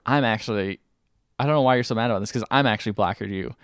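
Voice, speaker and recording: A man's voice: fairly low pitch, very fast, clear, resonant tone, no room sound, clean studio sound. A man on a podcast casually recapping a film, acting out the characters' lines as he goes. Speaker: podcast host.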